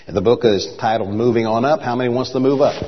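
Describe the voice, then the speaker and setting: Folksy Oklahoma preacher in a hall. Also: male voice, medium pitch, fast, a little hiss or hum. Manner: folksy, repeats words, builds to emphatic rhythmic points. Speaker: traveling minister. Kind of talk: sermon. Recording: dull lo-fi church hall recording.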